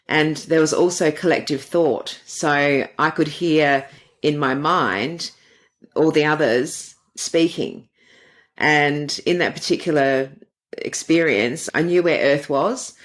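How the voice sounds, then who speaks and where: A middle-aged woman, a podcast guest and dating coach, answering interview questions with earnest, flowing storytelling. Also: low voice.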